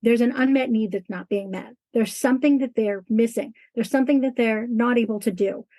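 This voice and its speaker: A woman's voice: fairly high pitch, a little fast, warm tone, no room sound. A woman teacher talking as a guest in an interview, earnest and emphatic. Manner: earnest, emphatic, acts out classroom talk. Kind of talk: conversational interview.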